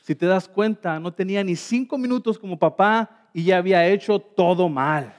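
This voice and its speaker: Fast-talking high-voiced preacher, man. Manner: storytelling, self-deprecating humor. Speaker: pastor. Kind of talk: bilingual sermon with live interpretation.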